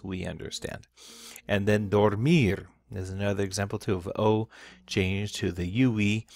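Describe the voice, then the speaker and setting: A man's voice: on the low side, fairly even intonation, normal speed, vocal fry, no echo. A middle-aged man teaching a recorded online Spanish lesson, explaining patiently with repeats and restarts and stressing key sounds.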